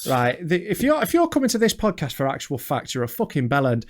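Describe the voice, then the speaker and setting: A man's voice: fairly high pitch, wildly swooping pitch, fast, slight background noise. Give me a laid-back, sweary man bantering on a podcast, his voice bouncing around a lot. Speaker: podcast co-host. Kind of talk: casual banter.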